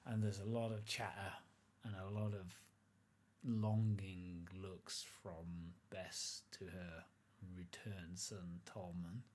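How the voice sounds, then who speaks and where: A man running a tabletop game as game master, narrating scenes in a relaxed, rambling way with lots of fillers. His voice sits a little low, with a faint hum of noise behind it. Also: slow.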